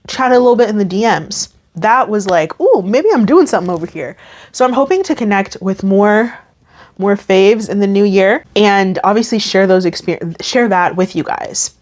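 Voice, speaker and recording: A woman's voice: medium pitch, moderate pace. A young woman YouTube creator chatting casually to camera, emphatic and often restarting her sentences. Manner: chatty, emphatic, self-interrupting.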